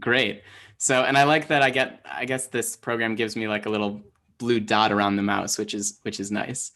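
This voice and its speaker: A man's voice: fairly low pitch, fairly even intonation, normal speed, fairly bright tone. A man teaching an online Hebrew class, explaining patiently with lots of fillers and restarts over a video call.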